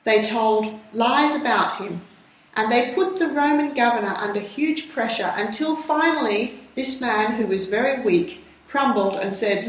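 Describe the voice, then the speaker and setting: A woman telling a Bible story aloud in a slow, measured way, in a very echoey room. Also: fairly high pitch.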